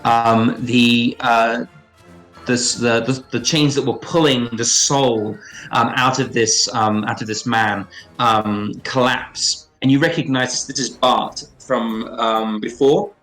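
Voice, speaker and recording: Halting male game master over faint music. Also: medium pitch, steady tone, a bit bright, rough recording. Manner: halting, many fillers and restarts. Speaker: dungeon master. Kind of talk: narrating a tabletop game. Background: faint background music.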